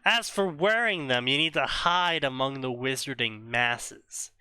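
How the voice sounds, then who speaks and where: A man's voice: medium pitch, measured pace, pushed and bright, clear, resonant tone, dry recording, voice pushed down. A man reading as a laid-back slangy Death. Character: casual slangy female Death figure.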